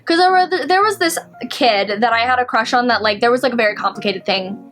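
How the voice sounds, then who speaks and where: A woman's voice: fairly high pitch, fast talker, a bit bright, soft background music. Chatty young woman telling a story. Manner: chatty, filler-heavy storytelling with many "like"s. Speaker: vlogger. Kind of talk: casual storytime vlog.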